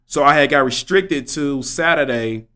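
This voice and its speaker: A man's slightly high voice, sharp yet clear and resonant, comes at normal speed as he livestreams commentary. He preaches passionately straight to viewers, in slangy speech that hammers points through repetition.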